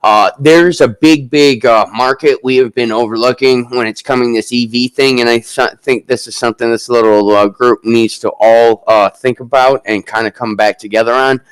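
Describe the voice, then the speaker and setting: A man hosting a casual live stock chat, talking in a halting way with many drawn-out fillers. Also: medium pitch, steady tone, smooth, no echo, poor audio.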